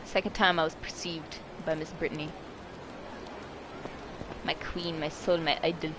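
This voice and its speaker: A vlogger telling a story in a casual, rambling and dramatic way, mocking themselves and breaking into sudden high-pitched shrieks. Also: level tone, measured pace, noisy background.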